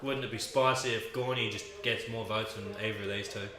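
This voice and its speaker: A man co-hosting a casual livestream with quick, joking banter. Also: fairly low pitch, fairly even intonation, reverberant. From Australia. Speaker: co-host of livestream.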